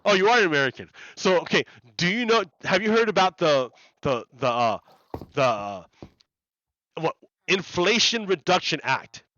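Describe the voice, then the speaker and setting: A man's voice: on the high side, animated, normal speed, sharp tone, no room sound, lo-fi sound. A man chatting casually on a live game stream, rambling and repeating words as he explains ideas to his viewers. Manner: rambling, repeats words and restarts, laughs often.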